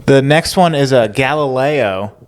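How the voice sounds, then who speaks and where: Laid-back storytelling podcast host. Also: male voice, mid-range voice, animated, unhurried, clear, resonant tone. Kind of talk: casual comedic chat.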